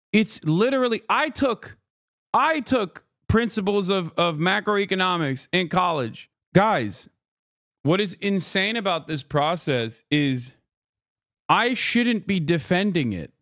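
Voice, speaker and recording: A male streamer rants about the news in rapid, incredulous and profane bursts. His voice sits high for a man. The mic sound is close and completely dry. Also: animated, a bit bright, no room sound. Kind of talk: profane political commentary.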